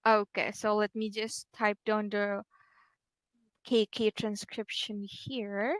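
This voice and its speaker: A woman teaching a one-on-one online English lesson, patient and encouraging, pausing to type corrections as she talks. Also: mid-range voice, flat delivery, no room sound.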